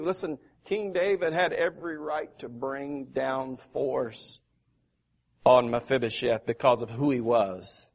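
A man's voice: mid-range voice, steady tone, slow, gravelly, slightly rough. A male pastor preaching a sermon in a church, repeating key phrases for emphasis. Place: church sanctuary.

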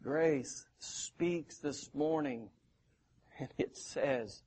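A man's voice: a little high, animated, slow. A male pastor preaching a sermon in a church, repeating key phrases for emphasis. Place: church sanctuary.

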